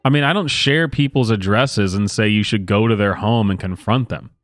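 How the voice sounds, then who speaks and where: A man's voice: lowish voice, moderate pace, dry recording, clean studio sound, soft background music. A man doing sarcastic reaction commentary, sardonic and incredulous, with chuckling asides. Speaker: online commentator.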